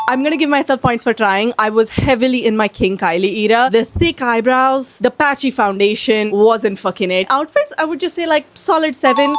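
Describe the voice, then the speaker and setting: A woman's voice: fairly high pitch, slight background noise. A young woman vlogging in a candid, self-mocking way, swearing freely as she chats. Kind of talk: casual confessional chat.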